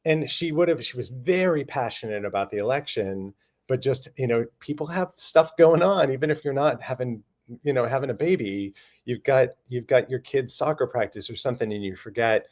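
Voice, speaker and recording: A man speaking as a panel guest in a casual discussion, earnest and animated, slipping quick quoted asides into his stories. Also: mid-range voice. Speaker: panel guest on voting and redistricting.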